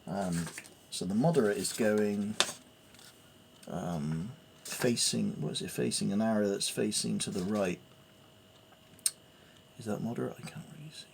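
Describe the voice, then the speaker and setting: A man's voice: lowish voice, a little slow, creaky, long pauses, background noise. A man thinking aloud as he works through piano theory, reading notes and musing hesitantly with fillers. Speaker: piano learner. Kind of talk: thinking aloud while studying music theory.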